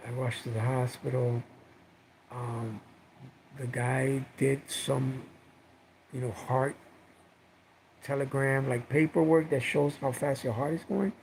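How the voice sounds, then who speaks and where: A man's voice: mid-range voice, gravelly, a little mellow, slight background noise, low-quality recording. A man casually telling a personal story on a livestream, rambling, repeating himself and swearing now and then.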